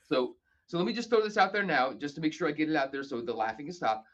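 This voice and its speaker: A man telling stories casually as a podcast guest, animated and acting out other people's lines. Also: on the high side, quick pace, lo-fi sound. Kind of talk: casual storytelling.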